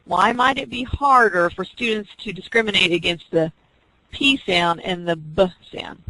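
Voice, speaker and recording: A woman's voice: medium pitch, moderate pace, pushed and bright, dry recording, low-quality recording. A woman teaching an online class, explaining reading skills step by step and acting out teacher and student examples. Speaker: teacher educator.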